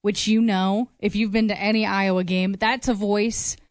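A woman's voice: medium pitch, steady tone, moderate pace, no room sound, clean studio sound. A woman hosting a radio show, teasing her co-host in casual banter. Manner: teasing, playful.

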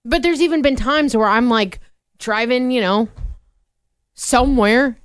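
A woman's voice: a little high, unhurried, clear, resonant tone, dry recording, clean studio sound. A woman co-hosting an afternoon radio podcast, bantering in an easygoing, self-deprecating way. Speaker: radio co-host. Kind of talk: casual chat. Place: radio studio.

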